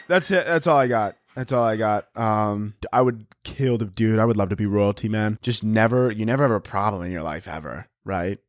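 A young man hosting a podcast, riffing in a profane, rambling comic monologue and often breaking into squeaky impressions. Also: moderate pace, few pauses, soft background music. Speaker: podcast host.

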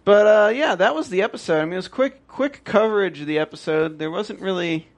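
Man co-host, gravelly, fairly high voice, relaxed recap chat. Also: brisk. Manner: relaxed, reads chat comments aloud. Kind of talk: casual recap chat, reading viewer comments.

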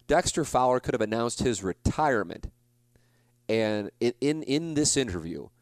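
A man's voice: medium pitch, animated, moderate pace, no room sound. A man in his forties, a podcast host, telling a rambling, self-deprecating story in a casual monologue. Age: 40s.

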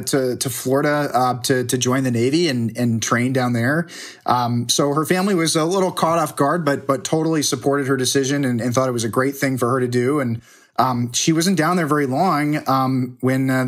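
Hesitant male reporter. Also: mid-range voice. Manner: hesitant, many fillers and restarts. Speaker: TV news reporter as guest. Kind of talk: casual interview. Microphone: remote connection.

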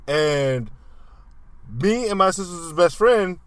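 A man's voice: sits high, expressive, takes it slowly, no room sound. A man in his thirties telling stories in loose, profane podcast chat, laughing as he goes. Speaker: podcast co-host. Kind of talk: casual chat.

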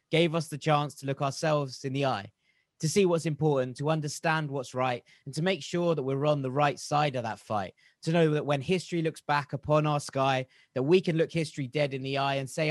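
A man's voice: a little high, no room sound, clean studio sound. A man hosting a casual football podcast, reciting a rhyming poem and then bantering and laughing with his co-hosts. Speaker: podcast host.

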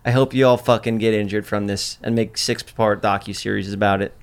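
A man's voice: lowish voice, steady tone, brisk, smooth. A young man hosting a podcast in a loose, boastful way, swearing freely and talking over the others. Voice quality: brash, profane, boastful. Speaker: podcast host. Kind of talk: casual chat.

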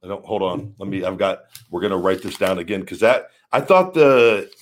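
A man's voice: deep voice, expressive, moderate pace. A man hosting a live stream, talking casually in a rambling, blunt way and swearing freely. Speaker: show host.

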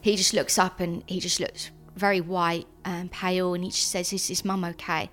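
Halting woman, low-voiced. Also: flat delivery, fairly bright tone. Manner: earnest, halting, with frequent ums and restarts. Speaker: interviewee, sister of a convicted man. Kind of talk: personal account in an interview.

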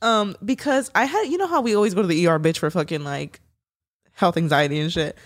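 A woman's voice: lowish voice, brisk, dry recording. Young female co-host, loose filler-heavy chat with cursing, dry close sound. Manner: swearing, filler-heavy, giggly. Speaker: podcast co-host. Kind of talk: casual chat.

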